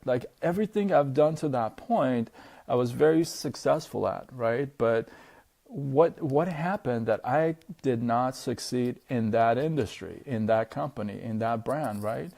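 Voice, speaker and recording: A man's voice: mid-range voice, creaky, a little mellow. A man telling a personal story to camera in a loose, chatty way, full of fillers and tag questions. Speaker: vlogger.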